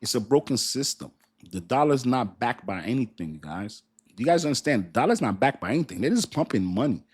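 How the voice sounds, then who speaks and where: A man's voice: mid-range voice, sing-song, brisk, husky. A man hosting a casual livestream, chatting loosely, laughing often and answering his chat. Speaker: crypto livestream host.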